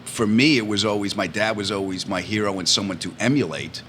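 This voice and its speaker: A man tells stories in a casual chat and acts out the people in them. His voice is bright and forceful. There is a faint hiss of room noise under the talk. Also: on the low side, fairly quick. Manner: animated storyteller, acts out family voices. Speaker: comedian guest.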